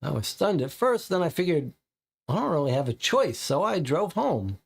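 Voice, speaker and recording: A man's voice: fairly high pitch, big pitch swings, normal speed, vocal fry, slightly rough, pitched above the performer's own voice, full character voice. A man voicing a young, downcast chauffeur who blames himself, in a tabletop game. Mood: dejected. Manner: dejected, anxious. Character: young, downcast male chauffeur, guilt-ridden.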